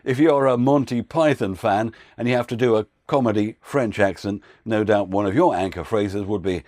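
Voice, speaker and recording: A man who works as a voiceover coach, giving an instructional talk with clear, patient explanations. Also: lowish voice, moderate pace, few pauses, a little mellow, no echo, studio quality.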